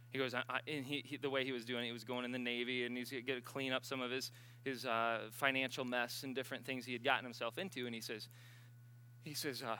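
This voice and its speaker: A man preaching at a healing service, telling stories with sudden bursts of excitement. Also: medium pitch, quick pace. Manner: animated storyteller, bursts of excitement. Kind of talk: sermon.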